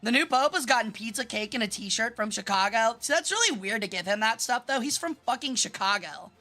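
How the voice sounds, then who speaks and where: A young woman from Memphis chatting casually on a live stream while gaming, animated and quick to swear, laugh and shriek. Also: fairly high pitch, faint music behind. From Memphis, US South. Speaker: vtuber streamer.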